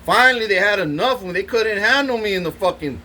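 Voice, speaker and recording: A man's voice: high voice, lively intonation, brisk, pushed and bright, a little hiss or hum. A man telling rambling stories in a boastful way, swearing constantly and laughing between lines. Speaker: vlogger. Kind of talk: rambling profane storytelling.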